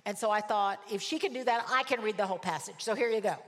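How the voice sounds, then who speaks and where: A woman's voice: mid-range voice, fast talker, hardly any pauses, a bit bright. A woman preaching a sermon, telling stories emphatically and repeating words for stress. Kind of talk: sermon with personal storytelling. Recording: long hall reverb.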